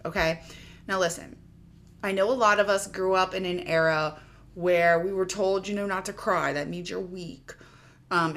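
In a direct-to-camera advice talk, a woman likely in her thirties gives frank, casual self-help tips to the listener, with the odd swear word. She has a medium-pitched, slightly bright voice.

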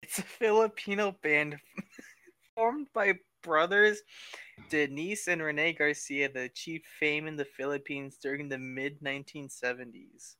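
Giggly young man, bright dry voice. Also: on the high side, fairly even intonation, unhurried, clear, resonant tone, no room sound. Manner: giggly, teasing, breaks into laughter. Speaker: podcast host. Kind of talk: casual chat.

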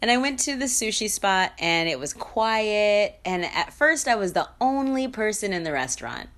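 A woman's voice: mid-range voice, animated, normal speed, fairly bright tone. A woman hosting her own podcast in casual solo chat, blunt and chatty, laughing often and slipping into playful sing-song asides. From mixed heritage. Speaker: podcast host.

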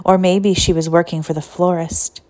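A woman narrating a story in a steady, even reading voice. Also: on the low side, moderate pace. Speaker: audiobook narrator.

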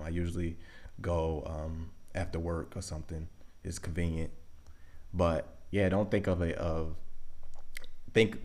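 A young man with a Baltimore accent hosting a casual solo podcast, talking things through in a relaxed, conversational way with plenty of "like" and "um". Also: deep voice. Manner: relaxed, conversational, thinks aloud with frequent "like" and "um". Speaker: podcast host.

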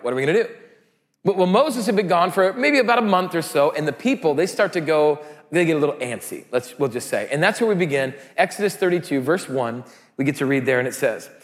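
High-voiced pastor preaching in a reverberant hall. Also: male voice. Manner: animated storytelling, loud excited peaks. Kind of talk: sermon.

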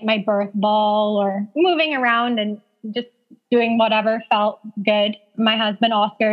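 A woman in her thirties telling a personal story as an interview guest, chatty, using lots of "like" fillers and laughing often. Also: mid-range voice. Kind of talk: casual storytelling. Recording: dull lo-fi sound.

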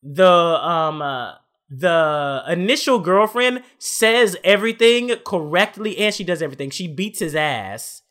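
A man's voice: high voice, unhurried. A man in casual chat, retelling an anime plot with lots of slang and acting out the characters' lines. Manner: animated storytelling, acts out characters' lines, profane slang. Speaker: podcast co-host recapping an anime.

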